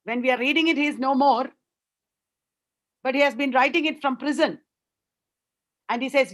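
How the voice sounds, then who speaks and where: Woman lecturer, high voice, earnest explanatory webinar delivery. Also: animated, moderate pace, long pauses. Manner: earnest, explanatory, repeats words for emphasis.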